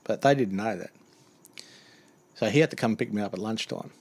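A man's voice: on the low side, a little fast, a little mellow, husky. A man telling a funny work anecdote in a casual chat, acting out the other voices and laughing often. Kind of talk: casual storytelling.

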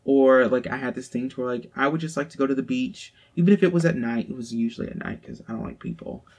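A man's voice: medium pitch, quick pace, darkish tone. A young man with a Southern accent telling a personal story to his co-host in a frank, profane, casual way, full of "like". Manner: frank, profane, heavy use of "like". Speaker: podcast co-host.

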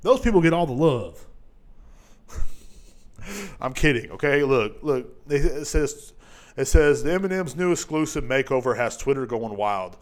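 A man hosting a solo podcast, ranting casually and profanely, swinging between low mutters and loud outbursts. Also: expressive, a little slow, long pauses. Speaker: podcast host.

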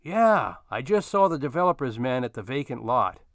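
A man's voice: medium pitch, sing-song, normal speed, fairly bright tone, no room sound, clean studio sound. A man voicing a courteous, slightly curt older man who acts as unofficial mayor of his street.

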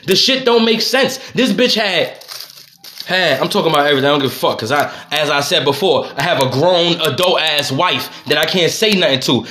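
A man's voice: sits high, sharp tone. A young man, venting alone on his podcast in a heated, profane, exasperated rant. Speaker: podcast host. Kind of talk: solo ranting monologue. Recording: roomy echo.

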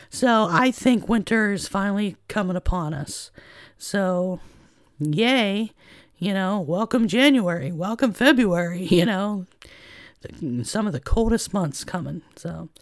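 A podcast host with a medium-pitched voice chats on her own from her trailer home, wandering from thought to thought with plenty of fillers. The recording has no room sound.

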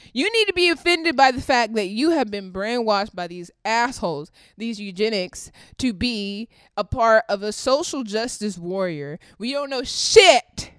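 A woman ranting straight to camera in a blunt, profane, confrontational way, swinging between loud outbursts and low muttering. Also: smooth, dry recording, clean studio sound. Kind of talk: direct-to-camera rant.

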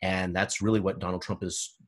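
Husky guy guesting on a podcast, gets fired up and swears a bit. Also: sits low, little pitch movement, brisk. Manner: impassioned, swearing, rising to heated emphasis. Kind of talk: political discussion.

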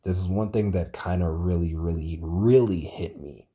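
A young man talking alone on a casual podcast, rambling and excitable, swearing a lot as he retells a story. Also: sits low, moderate pace, slightly rough. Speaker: podcast host. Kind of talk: casual solo podcast monologue.

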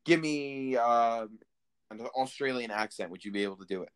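A man's voice: mid-range voice, normal speed, clean tone. A young man hosting a casual chat, teasing his guest and joking about himself. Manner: joking, self-deprecating. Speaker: host.

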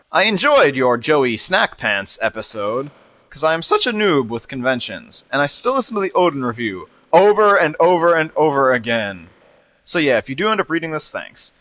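A man's voice: fairly high pitch, fairly bright tone, dry recording. A man hosting a podcast in casual chat, joking and laughing often. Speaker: podcast host.

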